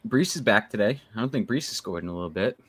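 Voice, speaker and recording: A man's voice: lowish voice, lively intonation, fast talker, dry recording. Easygoing man with a Boston accent. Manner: easygoing, says bro and dude. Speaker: sports betting show co-host. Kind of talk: casual chat.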